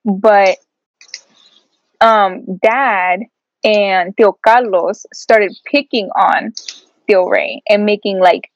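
A woman's voice: mid-range voice, drawn-out words, long pauses, dry recording, highs cut off. A woman co-hosting a podcast, telling family stories in casual chat and laughing often. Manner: laughs often, animated storytelling. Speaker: podcast co-host.

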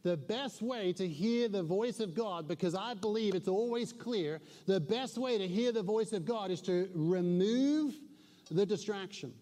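A man preaching a sermon as pastor, telling stories and dropping to a hushed voice at tense points. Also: high-pitched, lively intonation, unhurried. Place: large church hall with a live congregation. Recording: long hall reverb.

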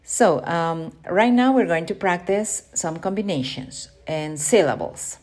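Woman teacher, low register, unhurried, repeats words for learners. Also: expressive, darkish tone. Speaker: Spanish teacher. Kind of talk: pronunciation lesson.

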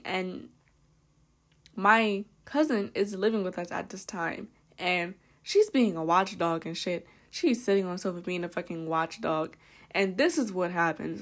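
Chatty young woman podcast host. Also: on the low side. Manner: animated, laughing, profane, lots of "like". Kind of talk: casual storytime.

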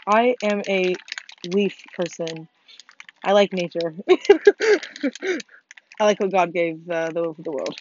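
A teenage girl co-hosting a podcast, chatting casually while playing a video game, excitable, swearing a lot and laughing often. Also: medium pitch, takes it slowly, pauses often, slight background noise. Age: teens. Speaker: podcast co-host. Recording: muffled lo-fi recording.

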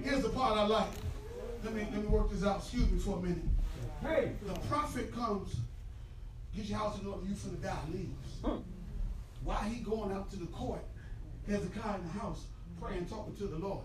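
An older man, a bishop, preaching a sermon, swinging from shouts to hushed words and repeating himself. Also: high voice, normal speed, long pauses, noisy background. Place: large church. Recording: roomy church sound from far off. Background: organ music and loud congregation responses.

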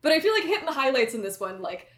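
A woman's voice: high-pitched, big pitch swings, rapid-fire, a bit bright. A woman co-hosting a podcast in casual chat, easygoing and chatty with many hedges. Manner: chatty, easygoing, fond of hedging. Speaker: podcast co-host. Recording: roomy echo, rough podcast audio.

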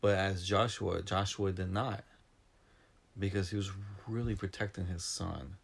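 A man with a somewhat low voice retells a film's story in casual chat. He gets animated, his voice jumps up for the big moments, and he sounds close to tears. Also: measured pace, gravelly, breathy edge. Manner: animated, emotional storytelling, voice rising when retelling scenes. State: near tears. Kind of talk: casual film discussion.

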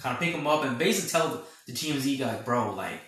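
In a very echoey room, a man on the high side with a fairly bright tone talks very fast as he hosts a laid-back podcast. He retells a film with lots of energy for his review, laughing often and leaning on plenty of fillers.

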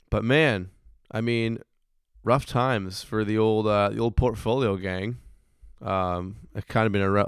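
A man in his thirties hosting a casual finance chat, hoarse from losing his voice, rambling and swearing with frequent restarts. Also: fairly low pitch, dry recording, clean studio sound. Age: 30s. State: hoarse, recovering voice. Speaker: podcast host.

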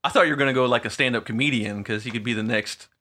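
A man co-hosting a podcast, easygoing and quick to laugh in casual chat. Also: medium pitch, bright, forceful tone. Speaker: podcast co-host.

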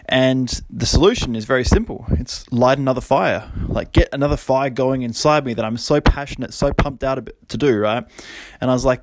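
A man's voice: medium pitch, brisk, hardly any pauses. A man in his thirties hosting his own podcast, talking casually and rambling, self-deprecating and motivational, laughing often. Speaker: podcast host. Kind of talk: casual solo podcast monologue.

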